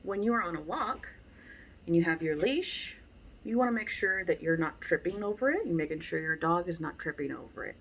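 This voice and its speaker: A woman with a fairly low voice talks through dog-training tips in a loose, chatty way. She is blunt and lively, and her asides carry an exasperated edge. She teaches as much by telling stories as by giving instructions. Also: a little fast, vocal fry, lo-fi sound, a little hiss or hum. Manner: animated, acts out people she describes. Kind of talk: casual instructional talk.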